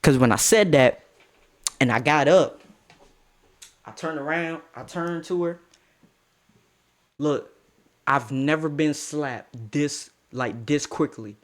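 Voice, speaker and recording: Young man, slightly high voice, animated casual storyteller, swears freely. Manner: animated, swings into high-pitched outbursts when quoting.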